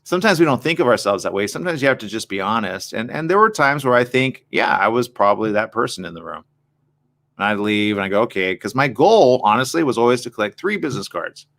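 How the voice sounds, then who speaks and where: A man's voice: medium pitch, big pitch swings, fast, gravelly, fairly bright tone. A man hosting a morning show, talking candidly and reflectively in a personal monologue, often asking rhetorical questions.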